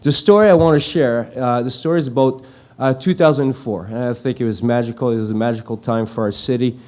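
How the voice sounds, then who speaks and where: A middle-aged man gives a live tribute speech as a former teammate, telling a story in halting phrases with many fillers and restarts. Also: medium pitch, a little mellow.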